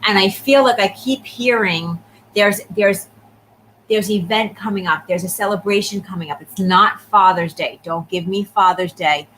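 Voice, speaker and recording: A woman giving a live psychic reading, talking quickly and checking in often with the person she reads for. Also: medium pitch, fairly bright tone, slight background noise, poor audio. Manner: rapid, repeatedly checking in with the sitter. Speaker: psychic medium.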